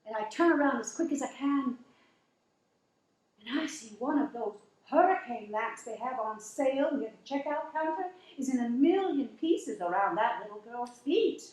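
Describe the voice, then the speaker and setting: A woman's voice: high voice, expressive, a little mellow, roomy sound, poor audio. An actress playing a down-to-earth working wife who finally stands up for herself, telling her story in an earnest, emotional monologue. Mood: tense. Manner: slow, emotional, earnest retelling.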